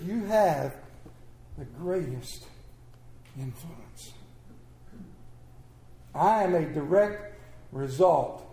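A man's voice: a little high, warm tone, echoey room. A man preaching a sermon, telling stories with humor and calling for responses. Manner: storytelling with humor, call and response. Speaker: pastor.

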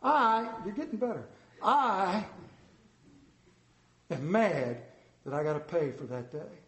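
A man preaching a storytelling sermon, animated and playful, acting out voices in his anecdotes. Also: high-pitched, slow. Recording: echoey room.

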